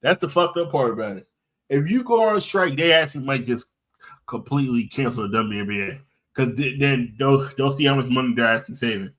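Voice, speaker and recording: A man's voice: mid-range voice, fast talker, fairly bright tone. A man hosting a podcast in loose, rambling casual chat, often swearing. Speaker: podcast host.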